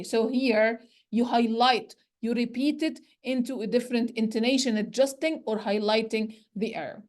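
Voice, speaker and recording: Higher-pitched woman giving a teaching lecture. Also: fairly even intonation, moderate pace, few pauses. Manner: explains step by step, often starting with "so". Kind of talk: recorded teacher-training lecture.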